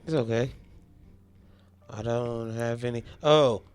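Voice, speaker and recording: A man's voice: mid-range voice, steady tone, slow pace, clear, resonant tone, faint music behind. A man co-hosting a podcast, chatting casually with laid-back, blunt quips. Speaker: podcast co-host. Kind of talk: casual chat.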